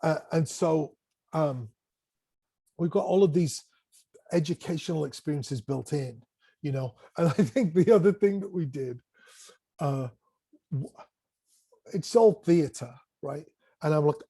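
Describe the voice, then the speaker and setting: A man telling classroom stories in an animated way, swearing casually and acting out what people said. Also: a little high, unhurried, long pauses, husky, no echo. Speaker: guest, music educator. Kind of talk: casual conversation, storytelling.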